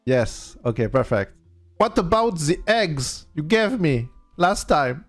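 A man with a French accent, chatting casually during a game in halting English and often repeating words. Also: on the high side, sing-song, soft background music. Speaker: game streamer. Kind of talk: casual gameplay chat.

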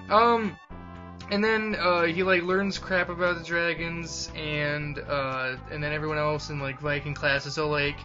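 A man's voice: a little high, level tone, measured pace, bright, forceful tone, dull audio, soft background music. A young man giving a rambling, sarcastic comedic movie recap full of fillers. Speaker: video maker.

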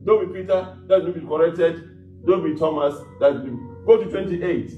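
A fairly high-voiced man preaches in a church, acting out scripture scenes and punctuating them with hallelujahs. He sounds roomy and set back from the mic. A soft instrument plays faintly behind him. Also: brisk, highs cut off, soft background music. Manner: animated preaching, retelling scripture in character voices, frequent hallelujahs. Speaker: pastor. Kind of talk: sermon. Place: church sanctuary. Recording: echoey church hall, miked from a distance.

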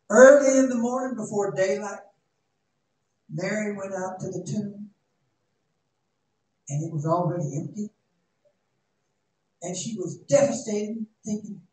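Male pastor, high-voiced, dramatic and folksy, heard from far in a big echoing sanctuary. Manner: dramatic, shouting at peaks, folksy asides. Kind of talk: sermon. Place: church sanctuary. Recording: echoey church, distant mic, faint noise.

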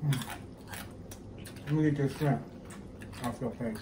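A person joking and bantering over a shared meal, teasing with a bouncy voice. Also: measured pace. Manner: teasing, jumps high when joking. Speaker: co-host at the meal. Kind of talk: playful banter while eating. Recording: echoey, distant mic with faint noise.

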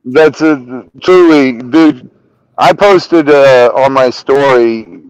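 Guy on a podcast telling stories, curses a lot, mid pitch, no room sound at all. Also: slow pace, a little mellow, clear, resonant tone, no echo, low-quality recording. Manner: swearing, anecdotal, laughs while telling. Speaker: podcast guest, reptile keeper. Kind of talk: casual storytelling.

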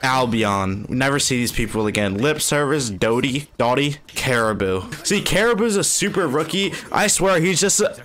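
A man hosting an anime reaction video, talking in excitable, slangy bursts full of exclamations. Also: mid-range voice, normal speed, hardly any pauses. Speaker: anime reaction channel host. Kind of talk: live anime reaction commentary.

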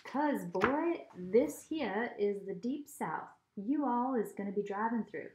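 A woman's voice: a little high, expressive, slow pace, darkish tone. A woman reading a storybook aloud, voicing a father who teasingly puts on an exaggerated Southern drawl. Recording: echoey room.

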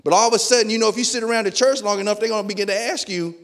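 A middle-aged male pastor with a notably high voice preaches in a loose, colloquial way. He tells stories with energy and acts out the back-and-forth himself. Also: rapid-fire. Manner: lively storytelling, acting out dialogue in his own voice. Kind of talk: sermon.

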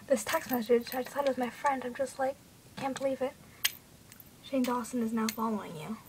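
A woman's voice: a little high, a little hiss or hum. A fourteen-year-old girl vlogging from her bedroom, breathless and giddy, often dropping into whispers. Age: teens. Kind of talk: excited fangirl vlog. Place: bedroom at home.

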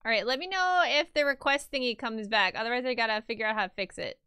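A woman streaming casually as she draws, excitable and swearing while chatting with viewers. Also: fairly high pitch, fast talker, smooth, no echo, studio quality. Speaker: live-streaming artist.

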